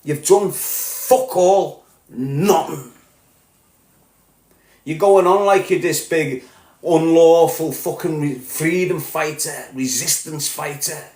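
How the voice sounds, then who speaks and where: A man with a Liverpool accent delivering a heated, profane solo rant as a podcast host, growing louder as he goes. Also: a little high, slow, roomy sound. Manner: heated, sweary, rising to shouting. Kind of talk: angry monologue rant.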